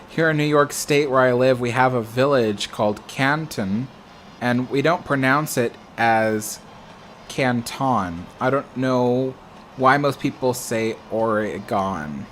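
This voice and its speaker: An American livestream host chats casually with viewers, answering their comments in a rambling way and correcting himself as he goes. His medium-pitched voice is unhurried and a bit bright, with a little hiss or hum in the audio.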